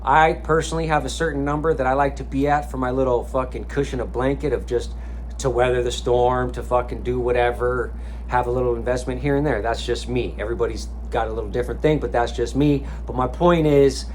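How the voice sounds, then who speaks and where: A man's voice: mid-range voice, slight background noise. A man giving a blunt, profane motivational rant to camera as a life coach vlogger, recorded in a sauna.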